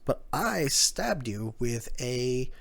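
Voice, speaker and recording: A man voicing a calm, cold young woman taking revenge in a manga read-aloud. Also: mid-range voice, slow pace, vocal fry, exaggerated voice. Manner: calm and cutting.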